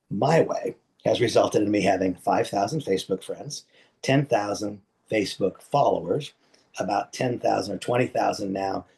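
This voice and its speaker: A man presenting a live online business training session, speaking emphatically and preacherly, with sudden jumps in pitch and loudness, and addressing his audience directly. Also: vocal fry. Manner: talks to the audience directly as folks.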